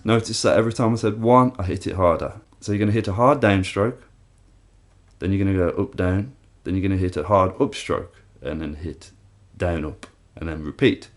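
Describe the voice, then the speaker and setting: A man with a lowish voice teaches a guitar lesson, walking through each step and counting the strums aloud. Loud guitar playing rings behind him. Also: brisk.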